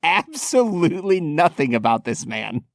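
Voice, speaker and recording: A man's voice: on the high side, sing-song, moderate pace, vocal fry, no room sound, clean studio sound. A man co-hosting a podcast in casual chat, teasing and playful. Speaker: podcast co-host.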